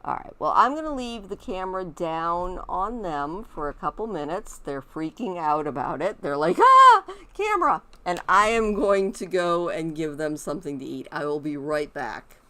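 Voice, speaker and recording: A woman's voice: deep voice, moderate pace, hardly any pauses, a bit bright. A woman streaming a game from home, chatting and rambling casually to her viewers. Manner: chatty, rambling, talks to her pet raccoons in a cooing voice. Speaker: gaming streamer. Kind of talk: casual chat while streaming.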